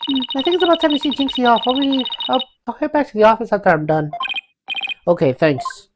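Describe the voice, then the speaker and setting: A woman's voice: high voice, lively intonation, fast talker, noisy background. A woman streamer reading a game's dialogue as the lead character in an earnest manner. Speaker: game streamer. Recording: loud game music behind.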